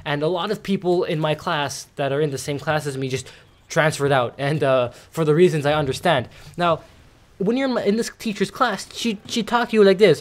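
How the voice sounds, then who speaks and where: Teenage boy, gameplay commentator, casual rambling rant, fillers and restarts, somewhat high voice. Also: a little fast. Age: teens.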